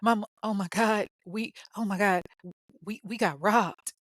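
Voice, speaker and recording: A woman voices a frightened teenage girl in a retold story, stammering in panic. She pitches above her own voice but stays close to everyday speech, at a medium pitch and normal speed, in a dry, clean studio recording.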